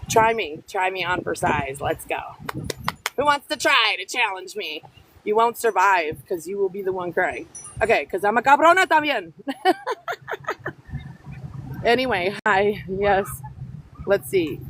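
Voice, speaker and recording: A woman's voice: mid-range voice, lively intonation, fairly bright tone, low-quality recording. Blunt woman on a phone livestream outside, snapping back at commenters, mixes in spanish words, faint noise behind. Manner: blunt, feisty, quick to snap back at commenters. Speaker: TikTok live streamer. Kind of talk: casual live-stream chat reading comments. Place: outdoors walking dogs.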